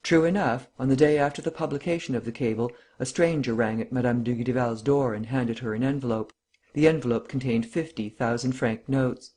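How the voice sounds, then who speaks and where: A man narrating a classic novel as an audiobook, in steady storytelling. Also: medium pitch, brisk. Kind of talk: scripted narration.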